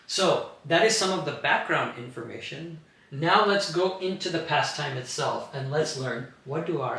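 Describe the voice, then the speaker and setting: A man with a gravelly, bright voice explains a scripture story to a class in an animated way. His voice carries a heavy echo, as if in a large bare room. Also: fairly high pitch. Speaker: teacher. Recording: very echoey room.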